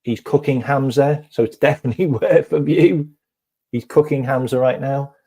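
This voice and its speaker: A man's voice: medium pitch, moderate pace, dark tone, breathy edge. A man hosting a casual live stream, chatting to viewers with lots of ums and repeated phrases.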